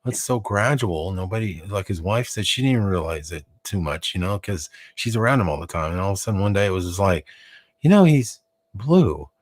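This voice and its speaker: Deep-voiced, joking male host. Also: fast, hardly any pauses, no echo. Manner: rambling, joking, profane, frequent fillers and restarts. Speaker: show host. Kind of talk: casual live broadcast banter.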